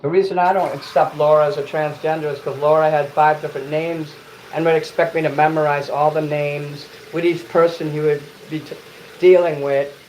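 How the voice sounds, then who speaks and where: Man, fairly high voice, swearing rant, faint room hum. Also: level tone, moderate pace, a little mellow. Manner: profane, bitter ranting; restarts and corrects himself often. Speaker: livestream host. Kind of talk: casual livestream rant.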